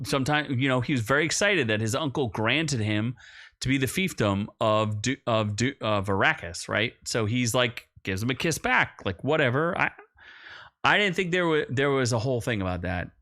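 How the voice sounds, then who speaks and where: A young man co-hosting a movie podcast, talking loosely and rambling. He often stops and restarts sentences, and gets more animated when a point excites him. His voice sits at an ordinary middle pitch. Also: normal speed. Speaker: podcast co-host. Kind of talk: casual movie review chat.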